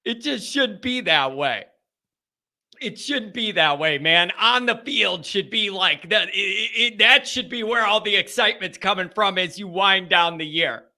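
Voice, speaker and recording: A man hosting a live sports talk show, excitable and rambling, often repeating himself. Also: high-pitched, a little slow. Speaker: sports podcast host.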